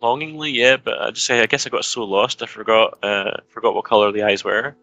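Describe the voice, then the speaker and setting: A man's voice: lowish voice, steady tone, a little fast, pushed and bright, no echo, faint music behind. A man with a Scottish accent, co-hosting a gaming video with teasing, joking banter. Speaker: gaming channel co-host. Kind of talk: casual gameplay banter.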